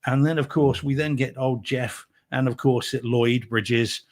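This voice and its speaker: A man's voice: mid-range voice, steady tone, a little slow. Rambling man reviewing films. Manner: rambling, self-correcting, emphatic. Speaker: podcast co-host. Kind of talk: casual film review chat.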